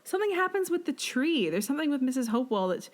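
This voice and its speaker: A young woman co-hosting a podcast, chatting casually and laughing as she quickly recaps a film. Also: high-pitched, very animated. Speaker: podcast co-host. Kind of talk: casual chat.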